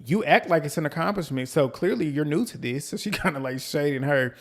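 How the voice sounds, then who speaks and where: A man's voice: on the high side, fairly quick. A man from the US South with a light North Carolina country twang, casually recapping and commenting on a reality show in a chatty, gossipy way. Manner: chatty, gossipy, quotes the cast in lively bursts.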